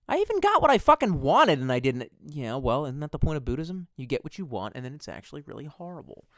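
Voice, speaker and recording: A man's voice: fairly high pitch, sing-song, fast talker, few pauses, fairly bright tone, dry recording, studio quality. A man chatting casually and profanely on a livestream, rambling from one thought to the next with self-mocking asides. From United States. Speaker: streamer.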